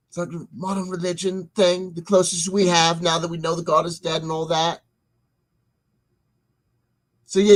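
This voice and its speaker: A man talks into a desk mic on a livestream, wandering from thought to thought and answering chat as it comes. His voice sits a little high, and he often stumbles and repeats words before picking up the thread. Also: low-quality recording. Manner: meandering, self-interrupting, repeats words. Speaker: channel host reading live chat. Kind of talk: rambling livestream commentary.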